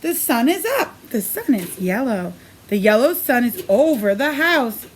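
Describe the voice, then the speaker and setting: A preschool teacher woman reads a picture book aloud, her high voice swooping up and down in a lively sing-song. She takes her time over each page and stops to quiz the children. A faint hum of room noise sits behind her. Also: measured pace. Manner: animated, sing-song storybook delivery with questions to the kids.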